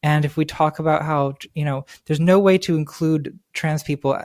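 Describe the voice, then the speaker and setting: A man with a slightly high voice talks through a casual podcast in a sardonic, rambling way. He fills his sentences with "like" and quick asides while he works through an argument. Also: steady tone, darkish tone. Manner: sardonic, filler-heavy talk with many "like"s.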